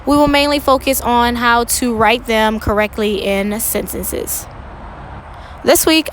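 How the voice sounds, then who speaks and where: Clear, patient first grade teacher, woman. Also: fairly high pitch, a little hiss or hum, low-quality recording. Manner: slow, clear and instructive, stressing words for young pupils. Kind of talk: recorded lesson for parents and students.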